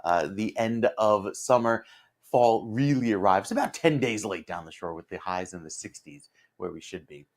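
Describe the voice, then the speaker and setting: A man, a meteorologist giving a live morning weather forecast in a steady, explanatory way. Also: fairly low pitch, moderate pace. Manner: steady explanatory delivery with fillers.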